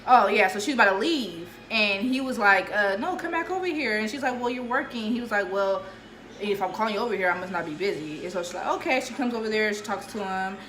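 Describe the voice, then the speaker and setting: Bright-voiced woman telling a story. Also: medium pitch, lively intonation, quick pace. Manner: chatty, retells dialogue, laughs often. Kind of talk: casual storytime chat. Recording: echoey room with faint noise.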